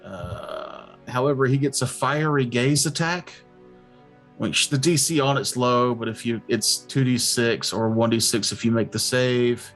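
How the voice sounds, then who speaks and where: A man's voice: medium pitch, measured pace, a bit bright, faint music behind. A man in a casual tabletop game session, wryly explaining game rules at length.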